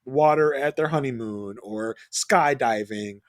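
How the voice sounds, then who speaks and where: A man co-hosting a podcast recap, chatting casually and acting out quotes in animated voices. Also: medium pitch, unhurried, no echo, studio quality. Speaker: podcast co-host. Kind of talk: casual chat.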